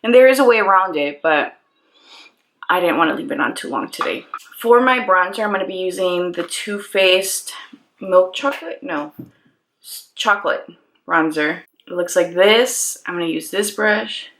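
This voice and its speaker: A young woman beauty vlogger, chatting through her makeup routine and telling a story with animated, exasperated quoted lines. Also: on the low side, normal speed, poor audio. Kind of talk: chatty get-ready-with-me storytelling.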